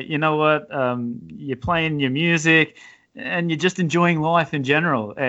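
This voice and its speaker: Man hosting, hesitant, smooth voice. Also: medium pitch, fairly bright tone, highs cut off. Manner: halting, many fillers and restarts. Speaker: podcast host. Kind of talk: casual interview.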